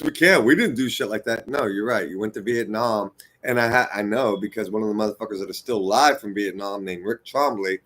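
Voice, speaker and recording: Ranting, profane man in his forties. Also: on the low side. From United States. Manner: heated, profane, rambling and preachy. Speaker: vlogger. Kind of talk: unscripted rant to camera.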